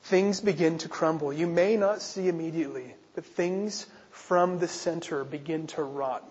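A man's voice: fairly high pitch, moderate pace, a little mellow, slightly rough. A man preaching a sermon as pastor, earnest and driving his points home with rhetorical questions, in a church. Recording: reverberant hall, muffled sound.

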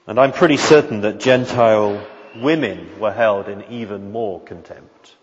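A man's voice: on the low side, a little slow, slight background noise. Man pastor, earnest sermon, long hall echo, dull lo-fi recording. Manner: earnest, emphatic repetition and frequent restarts.

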